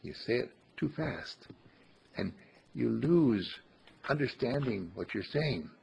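Man, spiritual teacher, husky raspy voice, repeats lines like a chant, muffled lo-fi recording. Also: mid-range voice, expressive. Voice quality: gravelly and husky. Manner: slow, emphatic, repeats phrases like a chant. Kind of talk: teaching talk to a small group. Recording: dull lo-fi recording.

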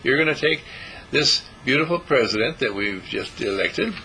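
A man's voice: medium pitch, animated, normal speed, bright, forceful tone, a little hiss or hum, poor audio. A man hosting a spiritual talk show, preaching in a monologue full of rhetorical questions. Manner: preachy, rhetorical questions, voices imagined listeners. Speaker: radio talk host and dean of a healing school.

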